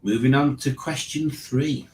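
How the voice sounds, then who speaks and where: A man's voice: medium pitch, measured pace, darkish tone, echoey room, a little hiss or hum, low-quality recording. Wry man hosting a quiz. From Liverpool, England. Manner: wry, mocking the questions. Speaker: quiz host. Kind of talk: casual quiz hosting on a stream.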